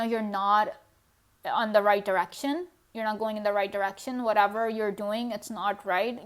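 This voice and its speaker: A woman giving a casual pick-a-card tarot reading, talking straight to the viewer with lots of "you know" and little laughs. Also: fairly high pitch.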